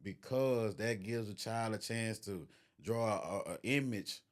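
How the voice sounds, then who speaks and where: A man's voice: on the low side, measured pace. Laid-back man in easy chat. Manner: laid-back, peppers speech with "you know what I'm saying". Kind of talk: casual conversation.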